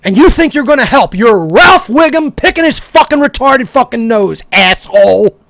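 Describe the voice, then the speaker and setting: A man with a notably high voice rants angrily as a talk show host, swearing freely and berating his audience. His delivery is heated and confrontational. The sound is close and dry, with no room around it. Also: sing-song, normal speed, a bit bright, dry recording. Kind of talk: angry ranting monologue.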